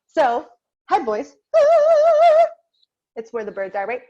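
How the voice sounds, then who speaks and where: A woman's voice: fairly high pitch, expressive, normal speed, darkish tone, lo-fi sound. A woman voice teacher leading an online group lesson over a video call, patiently asking the class questions and waiting for answers.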